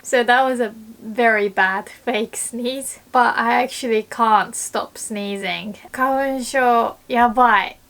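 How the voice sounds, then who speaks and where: A woman's voice: fairly high pitch, slow, a bit bright. A young woman with a Japanese accent, a native Japanese speaker, teaching a casual video lesson and acting out panicked little exclamations.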